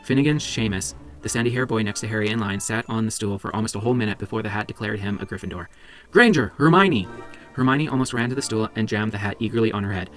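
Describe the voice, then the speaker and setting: A man reading a children's novel aloud for a library book club, brisk with small slips and restarts. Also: fairly low pitch, steady tone, faint music behind.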